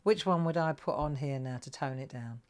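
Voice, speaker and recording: A woman's voice: very deep voice, moderate pace, a little mellow. A middle-aged woman hosting a live crafting tutorial, chatting to viewers and thinking aloud as she colours. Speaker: craft host.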